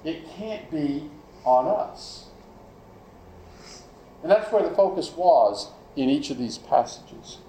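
Lively-voiced preacher in an echoey room. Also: male voice, fairly high pitch, slow, pauses often, a little hiss or hum. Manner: conversational, asks the congregation questions. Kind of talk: sermon.

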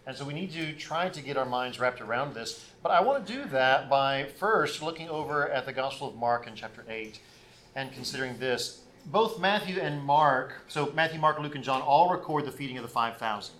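A man preaching a sermon and reading scripture aloud, pausing often on "uh" and growing louder and higher when he reads the quoted passages. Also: animated. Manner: frequent "uh" fillers, rises in pitch and volume when reading scripture. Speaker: pastor.

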